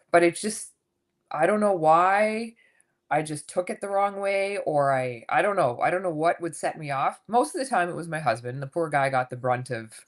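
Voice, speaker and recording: A woman in her fifties telling her own story candidly as a guest in a casual interview, acting out what people said. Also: deep voice. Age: 50s. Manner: candid, animated storytelling with acted quotes. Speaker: guest coach.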